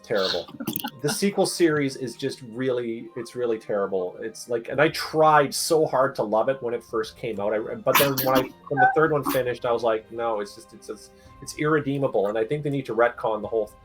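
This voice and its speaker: A man's voice: medium pitch, fairly quick, poor audio. Man, casual chat, rambling, lots of fillers, faint music underneath. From Canada. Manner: chatty, rambling with many fillers. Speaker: tabletop game player.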